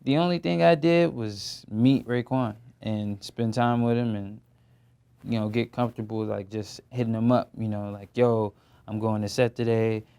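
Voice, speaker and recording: A man's voice: mid-range voice, normal speed, vocal fry, clean tone. A young man in his twenties, an actor talking casually in a studio interview, loose and slangy with lots of fillers. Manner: relaxed, slangy, many fillers. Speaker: actor guest.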